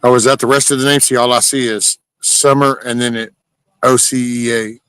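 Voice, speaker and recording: A man's voice: mid-range voice, little pitch movement, moderate pace, a bit bright, clear, resonant tone, no room sound. Laid-back man with a dry close sound. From Southeast Texas. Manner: laid-back, folksy and profane, joking with chat. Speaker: livestream host. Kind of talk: casual chat reading viewer comments.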